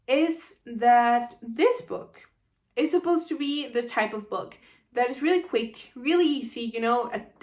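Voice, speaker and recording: A woman giving an animated, sarcastic book review, acting out the scenes she criticizes. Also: a little high.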